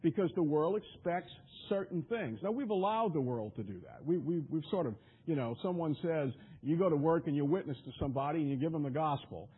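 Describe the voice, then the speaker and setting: A man's voice: fairly high pitch, lively intonation, fairly quick, hardly any pauses, slightly rough, phone-quality sound. A man preaching a sermon in an emphatic, repetitive way, often stumbling over his restarts.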